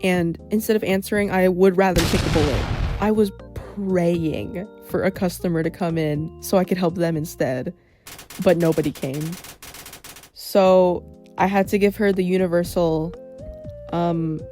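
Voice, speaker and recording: A woman's voice: fairly low pitch, steady tone, unhurried, dark tone. A young woman narrating a storytime vlog in a wry, sarcastic way. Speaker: vlogger. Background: faint background music.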